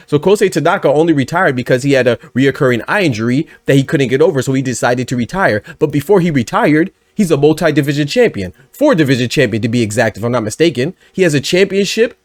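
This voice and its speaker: A man hosting a boxing news channel in energetic, chatty commentary, full of asides and bursts of laughter. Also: medium pitch, fast, hardly any pauses, no echo. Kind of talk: casual commentary.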